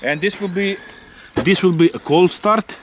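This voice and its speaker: Matter-of-fact Slovenian man, fairly high voice. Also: normal speed. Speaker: pilot of the model plane. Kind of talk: casual explaining. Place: outdoors at a flying field. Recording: outdoor noise, crickets.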